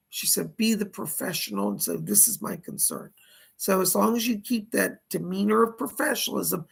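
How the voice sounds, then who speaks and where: A man's voice: high-pitched, gravelly, breathy edge. A man hosting live psychic readings, losing his voice, giving reassuring and repetitive advice. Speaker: psychic medium, host.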